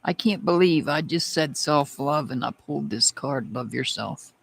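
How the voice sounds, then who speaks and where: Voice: mid-range voice, normal speed, creaky. A tarot reader giving a casual live-stream reading, chatty and calling out viewers by name.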